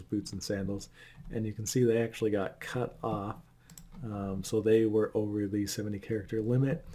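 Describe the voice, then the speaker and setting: A man's voice: lowish voice, mellow. A man narrating a screen-recorded tutorial, explaining plainly and walking through examples step by step. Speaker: online course instructor.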